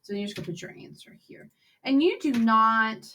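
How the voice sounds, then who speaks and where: A woman's voice: fairly high pitch, lively intonation, normal speed, pushed and bright. Woman, teacher, friendly chatty lesson voice, talks through math steps aloud. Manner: chatty, upbeat, talks to kids while working problems aloud. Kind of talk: recorded math lesson over slides.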